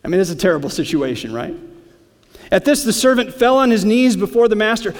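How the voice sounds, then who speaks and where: A man's voice: high-pitched, sing-song, fast, long reverb tail. A man preaching a sermon, explaining scripture in a conversational way with casual asides. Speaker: pastor.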